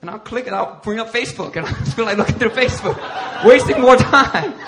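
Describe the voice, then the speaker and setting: A middle-aged male pastor preaching a sermon. He tells stories against himself in an animated way and acts out what other people said. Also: sits high, very fast, background noise. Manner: animated self-deprecating storytelling, acting out others' lines. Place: church sanctuary.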